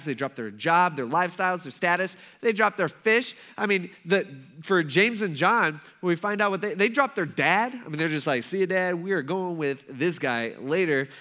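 Chatty, higher-voiced man preaching. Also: sharp tone. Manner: loose, chatty storytelling with frequent "like" and "right?". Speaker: pastor. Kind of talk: casual conversational sermon.

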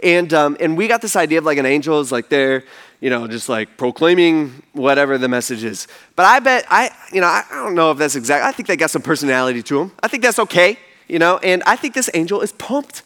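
A man's voice: a little high, lively intonation, fast, a bit bright. A man preaching a sermon in a casual, conversational storytelling style, full of "like" and "you know". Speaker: pastor.

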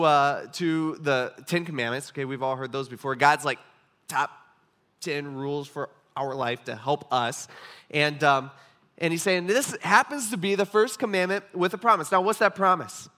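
A man's voice: fairly high pitch, sharp tone. A man preaching a sermon in a casual, conversational way, often checking in with the congregation. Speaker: pastor.

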